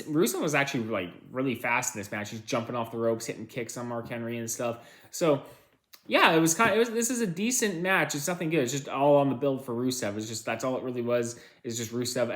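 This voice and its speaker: A man casually recapping old wrestling matches, rambling with fillers and restarts, a bit tired. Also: medium pitch. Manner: rambling, filler-heavy, self-correcting. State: tired, yawning. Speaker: wrestling reviewer.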